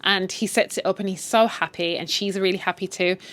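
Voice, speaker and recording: A woman's voice: mid-range voice, fairly even intonation, fairly quick, fairly bright tone. A woman casually retelling a drama series in a chatty, candid way, often saying "like". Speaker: series recap host.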